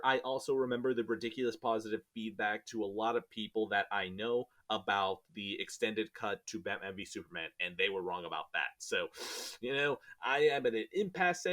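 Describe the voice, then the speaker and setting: A man's voice: mid-range voice, fairly bright tone. A man hosting a podcast in casual chat, rambling and joking as he sometimes loses his train of thought. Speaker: podcast host.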